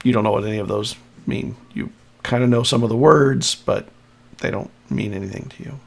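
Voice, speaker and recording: A man's voice: medium pitch, gravelly, slight background noise. Man running a tabletop game. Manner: halting, restarts while describing the scene. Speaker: game master.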